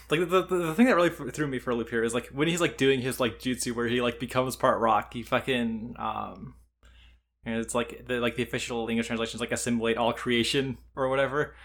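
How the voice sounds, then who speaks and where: A man talking fast and loose in casual podcast chat. His voice sits in a middle pitch, and he rambles with endless "like"s and casual swearing. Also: steady tone, fairly bright tone. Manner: rambling, heavy use of "like", swears often. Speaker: podcast co-host.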